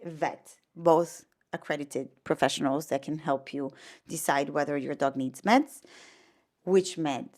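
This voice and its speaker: A woman with an Italian accent talks in a fairly low voice, giving casual advice as a dog trainer and behaviorist. She is chatty and loose, packing her talk with fillers and restarting her sentences. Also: unhurried, darkish tone. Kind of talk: casual explainer vlog.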